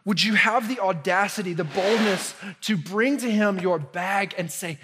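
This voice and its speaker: Male pastor, sermon, earnest and conversational, fairly high voice, hushed intensity. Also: normal speed, slight background noise.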